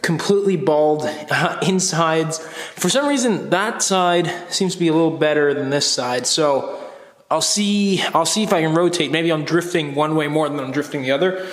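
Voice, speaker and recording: A man vlogging casually in a garage, hoarse and scratchy while recovering from a cold, rambling with fillers and restarts. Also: on the high side, moderate pace, fairly bright tone. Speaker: car vlogger host. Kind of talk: casual how-to vlog. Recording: echoey garage with long reverb.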